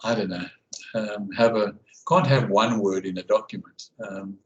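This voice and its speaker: A man with a fairly low voice talks casually over a video call. He speaks haltingly, stacking fillers and restarting his sentences as he thinks aloud. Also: highs cut off. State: hiccuping. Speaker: class guide and researcher. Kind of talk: casual conversation.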